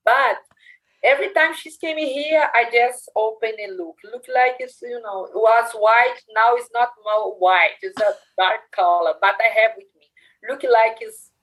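A Brazilian woman in her forties speaking English with a Brazilian Portuguese accent, telling family stories in a casual interview, lively and quick to laugh. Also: on the high side, low-quality recording. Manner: animated, laughs often, acts out family dialogue.

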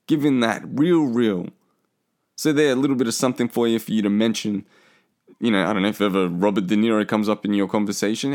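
Man, lowish voice, casual and profane, rambling solo chat, self-mocking. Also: a little fast, darkish tone. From Australia. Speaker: podcast host. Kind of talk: casual solo talk show.

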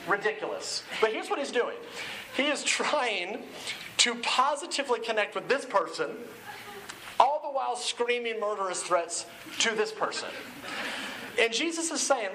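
A male pastor preaching a sermon in an animated, conversational way. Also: high-pitched, moderate pace, slight background noise, poor audio. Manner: conversational, animated, acts out quoted shouting.

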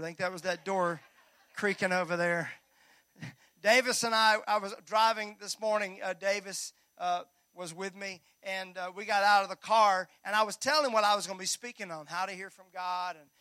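A male pastor preaching a Sunday sermon in a church, energetic and joking with the congregation. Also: sits high, fairly quick, no room sound. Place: church sanctuary.

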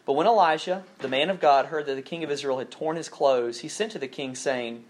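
Southern guy w faded accent, laid-back campus sermon, lots of ums, voice a bit high. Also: fairly quick. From southern Alabama, US. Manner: chatty, self-deprecating, many fillers. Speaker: campus minister. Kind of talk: informal sermon with scripture reading.

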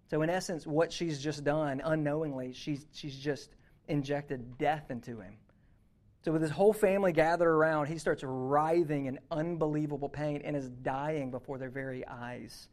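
A man preaching a sermon, telling a story that moves from hushed passages to loud, urgent ones. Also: a little high, steady tone, normal speed. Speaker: youth pastor.

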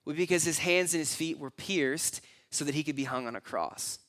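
A man preaching a sermon in a conversational, animated way, filling his talk with "like" and little acted-out quotes. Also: a little high, moderate pace. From United States. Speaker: pastor.

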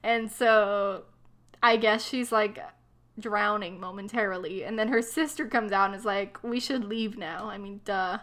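A young woman in casual chat, retelling a book plot with sarcastic, animated mocking voices. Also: medium pitch, unhurried. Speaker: book discussion co-host.

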